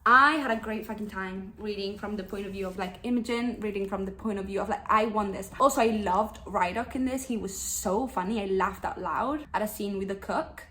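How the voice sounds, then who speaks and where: A young woman chatting casually about books she loved, expressive and gushing, swearing freely. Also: mid-range voice, brisk, hardly any pauses, slight background noise, poor audio. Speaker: book vlogger. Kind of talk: casual book review chat.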